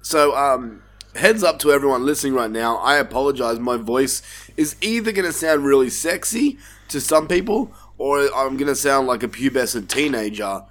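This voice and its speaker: A man's voice: animated, moderate pace, fairly bright tone. Sick Australian man with a cracking voice. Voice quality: raspy when speaking low. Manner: laughs often, swears casually. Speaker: podcast co-host. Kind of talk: casual podcast chat.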